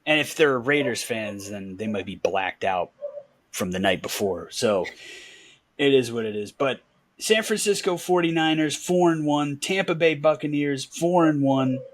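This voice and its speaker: Man, average pitch, dry close sound, easygoing, rambling, casual podcast co-host. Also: lively intonation, unhurried, dry recording. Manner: easygoing, rambling, laughs often. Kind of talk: casual sports chat.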